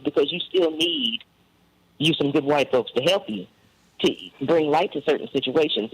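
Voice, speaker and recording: A man speaking as a guest on a talk radio show, emphatic and deliberate in casual discussion. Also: fairly high pitch, breathy edge, poor audio. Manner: emphatic, agreeing readily, slow and deliberate.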